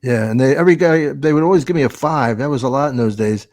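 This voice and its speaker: A man's voice: mid-range voice, fast talker, a little mellow, no echo. A man hosting a podcast, telling comedy stories in a casual, salty way with plenty of swearing. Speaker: podcast host.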